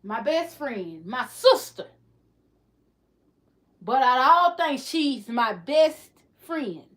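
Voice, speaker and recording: A woman with a high voice chats on a casual livestream. She is candid and rambling, often restarting her sentences. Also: very animated, slow, fairly bright tone, rough recording. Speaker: livestream host, beauty business.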